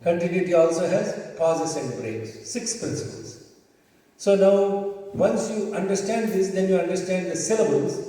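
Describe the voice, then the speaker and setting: A man's voice: high-pitched, normal speed, warm tone. A man teaching chanting to a class, patiently explaining and counting syllables aloud. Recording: distant mic in an echoey hall.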